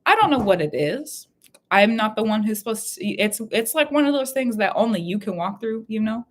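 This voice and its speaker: A woman's voice: a little high, lively intonation, brisk. A woman hosting a spiritual reading live stream from her room at home, talking in a rambling, heartfelt way and repeating her phrases. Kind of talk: casual live-stream talk.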